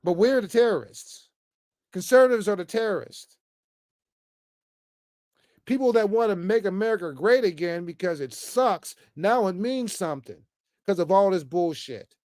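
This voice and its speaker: A man's voice: sits high, lively intonation, normal speed, long pauses, darkish tone, no echo, studio quality. A man giving an off-the-cuff political rant to camera, emphatic and repetitive, stammering often and ending phrases with "man". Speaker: political commentator vlogger.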